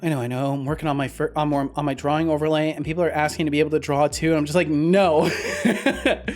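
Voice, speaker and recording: Male streamer, casual chat, rambling and hesitant, excitable outbursts, faint music behind. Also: fairly high pitch, rapid-fire. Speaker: streamer and game developer.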